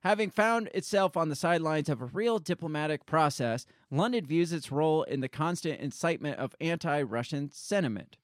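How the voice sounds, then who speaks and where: A man's voice: on the high side, expressive, brisk, hardly any pauses, no echo, clean studio sound. A man from the United States co-hosting a casual political talk show, reading news articles aloud and mocking the officials he quotes. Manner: conversational, sarcastic, mocks quoted officials in put-on voices. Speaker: podcast co-host.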